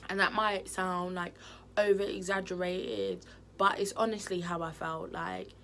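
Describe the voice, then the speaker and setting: A woman vlogging at home in a loose, candid chat. She talks frankly and expressively, in a fairly low voice, with faint noise behind her. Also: measured pace, fairly bright tone. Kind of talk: candid casual chat to camera.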